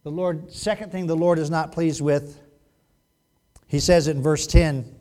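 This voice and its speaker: A male pastor preaching a sermon in an animated, joking way, acting out quotes as he goes. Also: on the high side, a little slow, long pauses.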